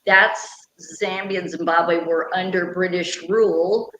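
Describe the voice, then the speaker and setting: A woman's voice: fairly low pitch, steady tone, unhurried, a bit bright. A middle-aged woman being interviewed, talking earnestly and at length about her conservation work. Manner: earnest, passionate, explains at length. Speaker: guest, radio personality and conservation founder. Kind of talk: conversational interview. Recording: echoey room, faint background hum.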